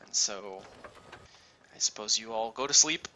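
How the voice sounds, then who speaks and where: A man's voice: on the low side, unhurried, pushed and bright, a little hiss or hum. A man narrating as game master of a tabletop game in a laid-back way.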